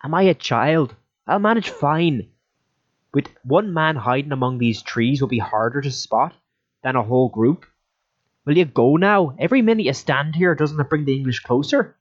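A man's voice: on the high side, normal speed, voice pushed up, lightly acted. A man voicing an injured, weary young fugitive who talks in a stubborn, strained way, on a dull, lo-fi recording.

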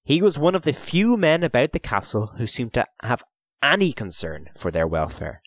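Expressive male audiobook narrator. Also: medium pitch, moderate pace, no echo. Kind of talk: storybook narration.

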